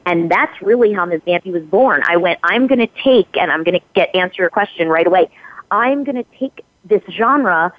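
A woman's voice: on the low side, expressive, moderate pace, no echo. A woman guest on a podcast interview, speaking in an emphatic, motivational way with repeated phrases. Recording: phone-line audio, dry.

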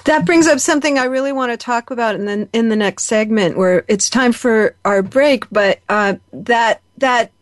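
A woman hosting a radio interview, soft-spoken and affirming, reading show announcements. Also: a little high, normal speed, hardly any pauses, dry recording, studio quality.

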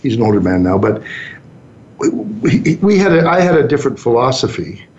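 A man's voice: medium pitch, sing-song, normal speed, a little mellow. A man in his sixties, a business owner and interview guest, telling stories in an easygoing way and acting out the lines he quotes. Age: 60s. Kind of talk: storytelling interview answers. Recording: dull muffled sound.

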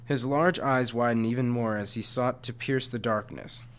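A man's voice: mid-range voice, fairly even intonation, moderate pace, fairly bright tone, smooth. A man reading a chapter book aloud to listeners, often stumbling and correcting himself. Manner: frequent stumbles and self-corrections.

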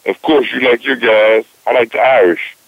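A man's voice: medium pitch, steady tone, moderate pace, vocal fry, no room sound. A male caller talking to a sports radio show in a laid-back, rambling way, often saying "man". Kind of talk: casual phone-in chat. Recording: muffled phone-in line.

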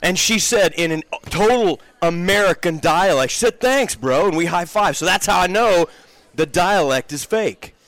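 Man, actor guest, brash, profane, storytelling, fairly high voice. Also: normal speed, fairly bright tone, no room sound. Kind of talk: casual chat.

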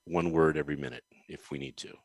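A man's voice: extremely low pitch, very animated, quick pace, creaky, no echo. A man hosting a casual chat over a video call, joking and playful. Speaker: host.

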